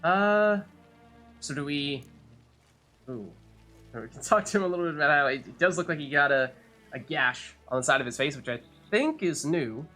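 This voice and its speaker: Bright-voiced, chatty gaming man. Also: on the high side, animated, normal speed, soft background music. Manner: chatty, thinking aloud, laughs. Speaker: let's play host. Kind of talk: casual gameplay commentary.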